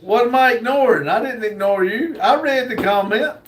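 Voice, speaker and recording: A man hosting a casual livestream, reading viewer comments aloud in an unhurried, joking way with frequent pauses. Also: very high voice, lively intonation. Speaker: livestream host. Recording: roomy echo.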